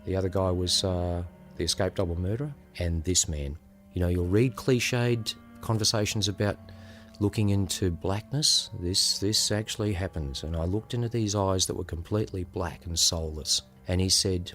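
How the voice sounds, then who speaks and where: A man with an Australian accent tells a story in an unhurried, reflective way. His voice sits very low. Soft music plays faintly underneath. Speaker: former undercover police officer, guest. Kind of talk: conversational storytelling.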